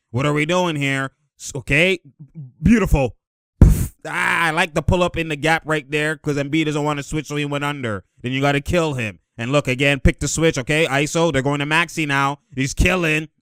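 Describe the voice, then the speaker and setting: Man, casual basketball film breakdown, excitable, slangy, laughs a lot, slightly high voice, smooth, dry close sound. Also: moderate pace, no room sound. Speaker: host breaking down game footage.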